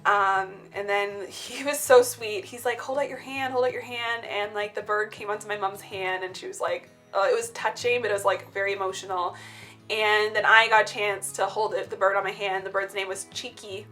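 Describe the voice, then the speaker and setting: A woman's voice: medium pitch, steady tone, normal speed, sharp tone, faint music behind. A woman telling personal stories in a casual, heartfelt chit-chat vlog, full of "like" fillers. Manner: chatty, heartfelt, many "like" fillers. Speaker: spiritual vlogger.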